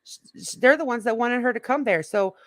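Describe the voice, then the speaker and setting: A woman's voice: on the high side, a little fast, no room sound. A woman co-hosting a casual live stream, chatting loosely, reading viewer comments and swearing offhandedly. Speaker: co-host.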